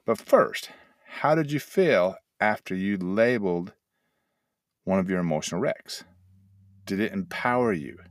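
A man's voice: deep voice, lively intonation, measured pace, long pauses, dry recording, clean studio sound. An older man hosting a motivational talk, telling folksy stories and acting out little sound effects. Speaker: host and addiction mentor trainer.

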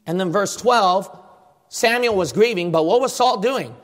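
A man's voice: high-pitched, measured pace, fairly bright tone, big-room sound. A man preaching a fervent sermon as pastor, firing rhetorical questions at his congregation.

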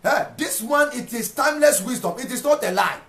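Man, sermon, high voice, repeats himself, shouted questions, echoey room, soft music behind. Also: expressive, brisk. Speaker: preacher.

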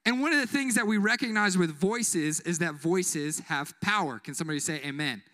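High, bright-voiced young preacher, joking. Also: male voice. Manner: call-and-response, joking, acts out quick voices. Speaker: youth pastor. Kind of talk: energetic youth sermon. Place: church building.

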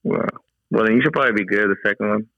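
A man's voice: lowish voice, racing, dry recording. A man calling in to a podcast, chatting casually and rambling with lots of fillers over a call line. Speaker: caller. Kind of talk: casual chat. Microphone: phone call. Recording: dull dry phone call.

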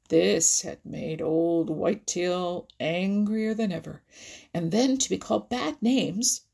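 A woman reading a children's animal story aloud, lively and expressive, sometimes dropping to a whisper. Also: on the low side, vocal fry, breathy edge. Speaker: narrator.

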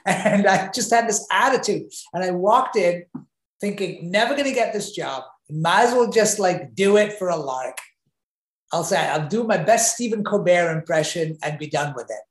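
A man being interviewed, telling an animated anecdote with frequent restarts and repeated words. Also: sits high, moderate pace. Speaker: interview guest. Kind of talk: conversational storytelling. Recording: roomy echo.

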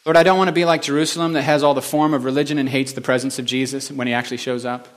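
A male pastor giving a conversational sermon that swings between quiet, reflective passages and emphatic building moments. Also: mid-range voice, fairly even intonation, very fast.

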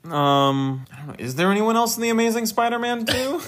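A man co-hosting a casual chat podcast, teasing his partner with quick comebacks during a movie game. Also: high-pitched, expressive, a bit bright.

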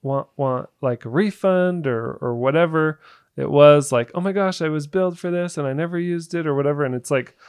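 A woman with a low voice for a woman talks in a relaxed, casual way as a co-host. She adds supportive remarks to the conversation. The sound is close and dry. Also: brisk, smooth, dry recording. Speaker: podcast co-host. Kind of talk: casual chat.

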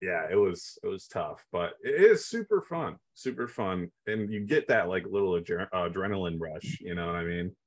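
A man's voice: low voice, animated, normal speed, few pauses. A young man chatting in a laid-back way on a podcast, dropping "dude" and "like.". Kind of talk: casual podcast chat.

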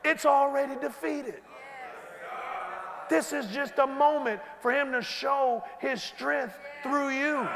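A man preaching an animated sermon and leading the congregation in call-and-response. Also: extremely high pitch, takes it slowly, crowd noise. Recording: hall reverb.

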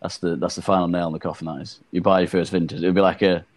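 A man's voice: deep voice, little pitch movement, fast, dry recording. A man in a casual group chat who talks eagerly and stammers when he restarts a phrase. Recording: light background noise.

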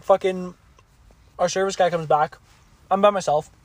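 A man's voice: high-pitched, steady tone, moderate pace, no room sound. A man co-hosting a podcast, telling a long work story in casual, profane, rambling chat. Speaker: podcast co-host.

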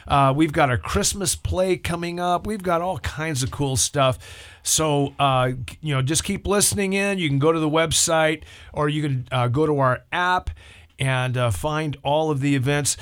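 A man's voice: a little high, moderate pace, clean tone. A man, a pastor, hosting a church call-in radio show in a talkative, upbeat way and leading prayer. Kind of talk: casual radio chat.

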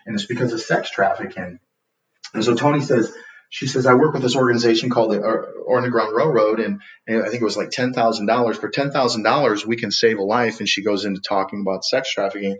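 A man, a podcast guest, telling a story with lively acted-out quotes. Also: fairly low pitch, fast talker, highs cut off. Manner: animated storyteller acting out quotes.

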